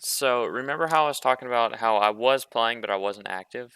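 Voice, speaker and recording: A man's voice: medium pitch, brisk, sharp tone, clear, resonant tone, no room sound. A young man co-hosting a podcast, telling stories in a laid-back, joking way. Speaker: podcast co-host. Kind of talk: casual chat.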